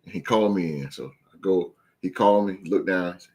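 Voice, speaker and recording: A man hosting a sports podcast and coaching youth basketball, talking loudly and emphatically with plenty of swearing. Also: low voice, brisk, muffled recording. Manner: loud, swearing, animated and emphatic. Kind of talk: casual sports podcast chat.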